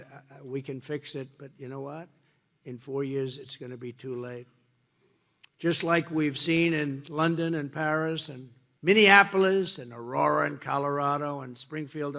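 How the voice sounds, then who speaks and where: A man giving a rally speech, emphatic and repetitive, jumping from loud bursts to low asides, speaking into a podium microphone. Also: steady tone, normal speed, vocal fry. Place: campaign rally before a crowd.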